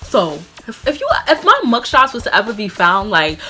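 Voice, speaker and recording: A young woman telling a personal story in a casual storytime vlog, animated and rambling, with lots of fillers and laughs. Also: mid-range voice, normal speed, music in the background. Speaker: vlogger.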